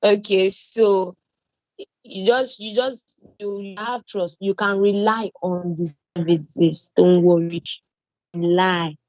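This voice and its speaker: Speaking slowly with fairly even intonation, a woman with a Nigerian English accent gives an online cloud security lecture in a mid-range, darkish voice. She repeats key ideas and reassures students with everyday examples. The recording is dry, with the high frequencies cut off.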